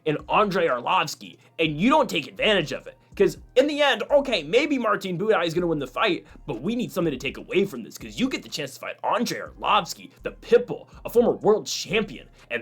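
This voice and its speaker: A man's voice: high voice, fairly bright tone, husky, voice pushed up, full character voice. A man doing an earnest fight-commentator impression. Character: impression of a gravel-free male fight commentator, middle-aged, earnest.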